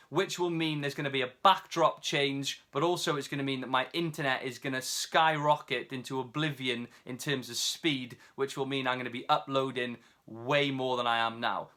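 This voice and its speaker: A British man giving a casual video tutorial as an online seller, talking quickly with many fillers and restarts. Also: medium pitch, pushed and bright. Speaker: online seller teaching a course.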